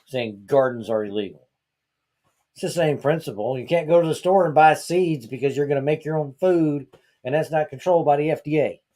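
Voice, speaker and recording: A man's voice: medium pitch, dark tone. Heated, exasperated male podcast host. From Georgia, US. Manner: heated, exasperated ranting with rhetorical questions. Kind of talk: opinionated casual talk.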